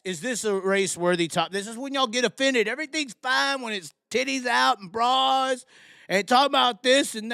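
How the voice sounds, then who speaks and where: A male live-stream host with a high, smooth voice and a sarcastic, ranting delivery. He mocks his chat as he talks. The sound is dry and close, with no room echo. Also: pushed and bright. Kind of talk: live call-in chat show.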